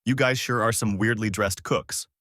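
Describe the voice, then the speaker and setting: A man playing a good-natured young fighter in a fan-made audio story, relaxed and friendly, his voice only lightly lifted. The recording is dry and close. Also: on the low side, normal speed, dry recording, close to an everyday voice. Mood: easygoing. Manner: easygoing, friendly. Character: cheerful carefree young male fighter.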